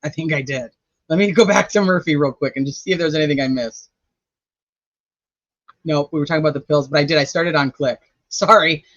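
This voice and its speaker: A man's voice: on the high side, a little fast, pauses often, fairly bright tone, no echo, dull audio. A man hosting a true crime channel, talking through his notes in a chatty, rambling livestream style. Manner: chatty, rambling, thinking aloud while checking notes. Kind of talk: casual livestream commentary.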